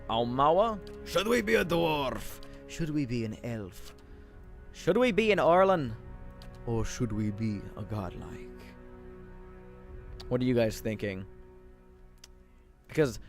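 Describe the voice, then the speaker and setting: Guy streaming an rpg, chatty and joking about himself, mid voice, quiet music behind. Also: mid-range voice. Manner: chatty, self-deprecating, talks to viewers. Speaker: game streamer. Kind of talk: casual game stream chat.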